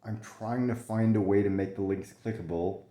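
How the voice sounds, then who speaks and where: A man's voice: on the low side, fairly even intonation, moderate pace, mellow, reverberant. A young man talking candidly from bed in a casual vlog, swearing often, restarting his sentences, coughing and short of breath. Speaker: vlogger sharing his illness. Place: in bed at home.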